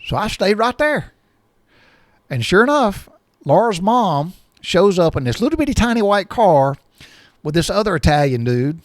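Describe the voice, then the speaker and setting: A man's voice: high voice, very animated, moderate pace, no echo, clean studio sound. Folksy older man telling a story. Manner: folksy, rambling, repeats words. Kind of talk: personal storytelling.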